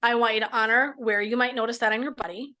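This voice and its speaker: A middle-aged woman with a fairly high voice talks as a midlife coach. She walks listeners through a mindset exercise step by step. She is frank and casual and swears now and then for emphasis. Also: fairly even intonation, fast, sharp tone. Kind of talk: coaching talk in a podcast.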